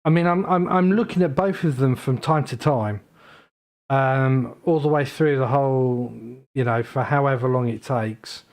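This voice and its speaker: A man's voice: mid-range voice, moderate pace. A man taking part as a player in a tabletop role-playing game. He thinks aloud, hesitating and restarting. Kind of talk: tabletop role-play chat.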